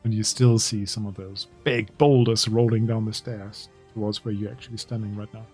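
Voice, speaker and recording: Guy running a tabletop game, husky voice, bit of music in the back. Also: on the low side, fairly even intonation, normal speed, a little mellow. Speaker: game master.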